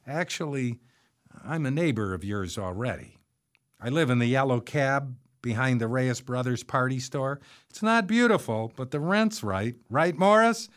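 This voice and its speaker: A man voicing a brash, teasing middle-aged woman artist who talks loud and familiar in a storybook reading. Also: medium pitch, moderate pace, pitched above the performer's own voice, lightly acted.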